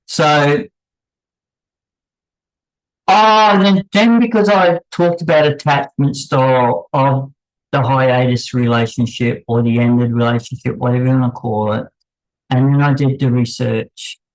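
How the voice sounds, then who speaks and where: A man hosting his own channel, speaking in unscripted commentary with halting, pausing delivery and wry, apologetic asides. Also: medium pitch, fairly even intonation, darkish tone, low-quality recording. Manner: halting, pausing, with many restarts. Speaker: channel host.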